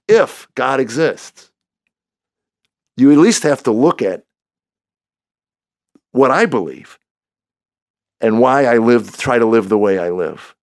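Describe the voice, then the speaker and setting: Gravelly-voiced man in his sixties telling stories. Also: mid-range voice, no echo, clean studio sound. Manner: animated storyteller who acts out quoted dialogue. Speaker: comedian guest. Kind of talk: storytelling in a podcast interview.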